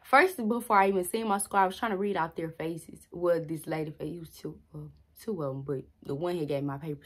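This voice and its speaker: A young woman telling an animated storytime vlog to her viewers, acting out what people said. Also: low-pitched, creaky, husky. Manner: animated, addresses viewers as y'all, acts out quotes. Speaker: vlogger. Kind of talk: casual storytime to camera.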